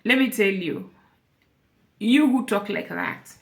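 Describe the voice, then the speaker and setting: A woman's voice: medium pitch, animated, takes it slowly, vocal fry. A woman speaking to camera in an emotional personal vlog, earnest and repeating phrases for emphasis. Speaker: vlogger.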